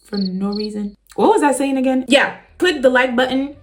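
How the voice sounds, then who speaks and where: A woman's voice: high-pitched, normal speed. Playful woman reacting to a clip. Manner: playful, laughs often, teasing asides. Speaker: reaction channel host. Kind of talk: casual commentary to camera.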